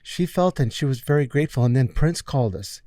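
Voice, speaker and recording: A middle-aged man with a mellow, relaxed voice tells stories in a casual interview. He acts out what people said and pads his talk with fillers. The sound is dry and close. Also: mid-range voice, fairly quick, no room sound. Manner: animated storyteller acting out quotes, many fillers. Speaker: music producer guest.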